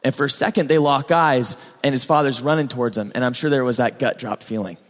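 A man's voice: mid-range voice, fast. A man preaching a sermon as a pastor, telling the story conversationally with asides to his listeners. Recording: echoey hall reverb.

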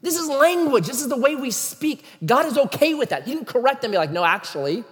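A male preacher with a high, very lively voice that leaps up and down as he drives his points home. He talks emphatically and keeps throwing rhetorical questions at the room. A long reverb from a large hall trails behind every phrase. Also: brisk. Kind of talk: sermon.

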